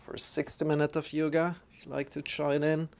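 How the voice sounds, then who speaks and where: A man teaching a live-streamed yoga class. He greets viewers by name and answers their chat comments in an unhurried way. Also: a little high, level tone, gravelly, heavy background noise. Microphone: streaming microphone.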